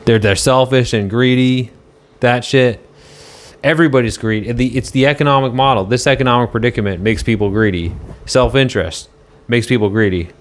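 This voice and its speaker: A man's voice: medium pitch, a little fast. A man on a casual live stream, answering chat in a rambling, argumentative way and swearing now and then.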